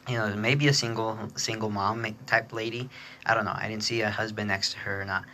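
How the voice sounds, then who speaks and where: A man tells a personal story on his podcast in loose, chatty fashion, laughing as he goes and pitching his voice up to mimic others. His voice sits a bit low but sounds bright and forceful. A faint noise floor hums under the recording. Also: fairly even intonation, brisk. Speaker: podcast host. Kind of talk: casual storytelling.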